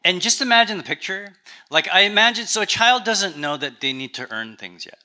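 A man, a pastor with a Canadian accent, preaching a sermon in a relaxed, conversational storytelling way with touches of humor. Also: high-pitched, brisk.

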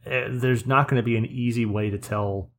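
A man's voice: medium pitch, steady tone, normal speed, a little hiss or hum. A man co-hosting a casual gaming podcast, telling stories with a joking, teasing manner. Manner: jokey storyteller, acts out quotes. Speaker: podcast co-host. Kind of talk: casual podcast chat about an online game.

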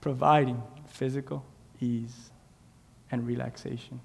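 A man preaching a sermon in a church, swinging between shouted, drawn-out lines and quiet, confiding asides. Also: mid-range voice, little pitch movement, gravelly, breathy edge. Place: church sanctuary. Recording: long reverb in a large hall.

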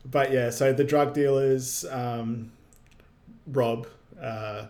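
A man co-hosting a casual movie recap podcast, retelling scenes in a loose, relaxed way with many fillers. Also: mid-range voice, very slow, a little hiss or hum. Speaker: podcast co-host.

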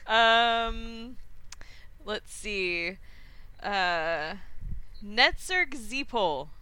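A woman's voice: medium pitch, animated, very slow, sharp tone, clean tone. A middle-aged woman hosting a casual podcast quiz, giggling often as she talks. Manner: giggly, laughs often between words. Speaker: podcast host running a quiz. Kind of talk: casual chat.

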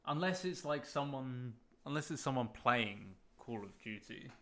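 A man speaks with a very lively, swooping intonation. He co-hosts a podcast in loose conversation. His humor is dry and sarcastic. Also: medium pitch, normal speed. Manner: sardonic, lively banter. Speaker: podcast co-host. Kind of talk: casual chat.

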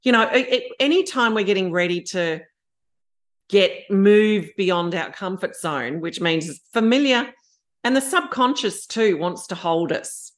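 A woman's voice: mid-range voice, animated, a little slow. A woman in her fifties with an Australian accent, telling her story candidly as a podcast guest and acting out her own inner voices. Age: 50s.

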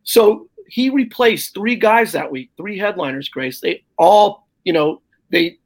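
Man, middle-aged, comic, raspy fry in the voice, high-pitched, lively swearing anecdotes. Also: measured pace. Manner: animated anecdote with profanity and quoted voices. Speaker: stand-up comedian guest. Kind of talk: casual storytelling on a podcast.

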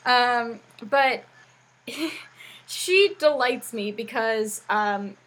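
A woman's voice: fairly high pitch, extremely slow, a bit bright, low-quality recording. A woman who works as an educator, co-hosting a casual chat and talking in a rambling way full of "like" fillers. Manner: chatty, rambling, with frequent "like" fillers. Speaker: podcast co-host and educator.

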